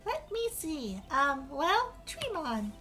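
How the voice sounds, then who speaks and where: Coy teasing young witness, super high, bouncy sing-song, game music faint underneath. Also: female voice, sing-song, takes it slowly, pushed and bright, exaggerated voice. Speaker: streamer voicing game dialogue.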